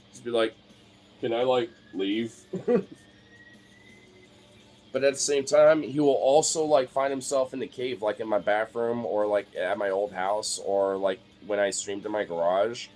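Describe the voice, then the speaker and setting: A young male streamer chats casually and unhurriedly, rambling with plenty of filler words and swearing, occasionally slipping into a high, excited baby-talk voice. There's slight background noise.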